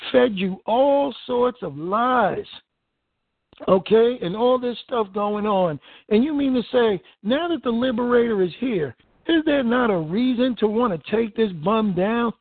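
A man's voice: extremely high pitch, animated, unhurried, vocal fry, dry recording. A man preaching a fervent, emphatic sermon, reading scripture aloud and expounding on it. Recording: tinny phone-like dry recording.

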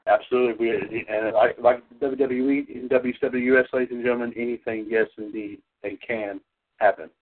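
A man hosting a wrestling call-in podcast, rambling with many restarts and repeated "ladies and gentlemen". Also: mid-range voice, fairly even intonation, moderate pace. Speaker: podcast host. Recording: tinny phone-line audio.

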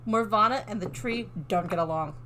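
A woman's voice: medium pitch, fairly quick, sharp tone, a little hiss or hum. A woman co-hosting a podcast in casual chat, playful and laughing, acting out characters as she tells stories. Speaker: podcast co-host.

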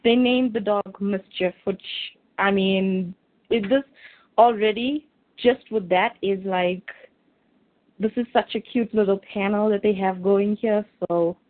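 A woman's voice: mid-range voice, steady tone, dry recording. Chatty woman on a tinny line. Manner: chatty, adds asides and quick reactions. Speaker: podcast co-host. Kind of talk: casual chat.

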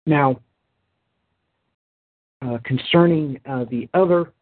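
A tired man reads scripture aloud, then explains it to his listeners with plenty of hesitant fillers. His voice is husky, and the recording is thin and tinny, like a phone line. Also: mid-range voice, takes it slowly. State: tired, yawning. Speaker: Bible teacher. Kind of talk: recorded Bible lesson.

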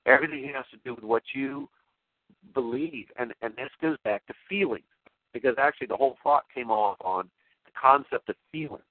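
A male talk show host in a rambling spoken monologue, excitable and emotional, often restarting his sentences. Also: mid-range voice, a little fast, no room sound. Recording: tinny phone-line sound, dry.

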